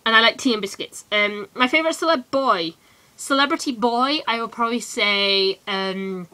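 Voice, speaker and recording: Bright-voiced young British woman vlogging. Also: a little high. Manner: chatty, giggly, lots of ums. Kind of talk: casual chat to camera.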